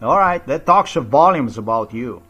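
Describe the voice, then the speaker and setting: A man's voice: medium pitch, animated, moderate pace, pushed and bright, soft background music. A man in a confrontational, repetitive video rant, full of rhetorical questions and swearing. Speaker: vlogger. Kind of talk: angry personal video rant.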